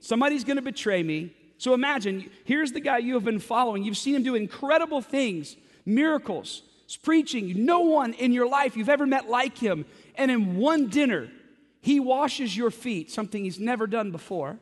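Male pastor, high voice, chatty sermon full of rhetorical questions, long hall reverb. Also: animated, normal speed. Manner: conversational, rhetorical questions, frequent word repeats. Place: church service.

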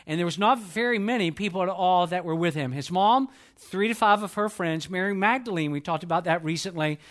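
A middle-aged man delivers a Sunday sermon with a fairly high voice. He tells stories earnestly and slows right down when he quotes scripture. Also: a bit bright. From Georgia, US. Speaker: pastor.

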